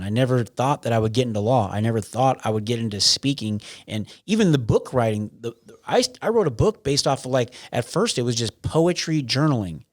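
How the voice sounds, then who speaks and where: A man's voice: medium pitch, no echo, studio quality. A man talking as a podcast guest, blunt and frank, with lots of restarts and some swearing. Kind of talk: casual interview.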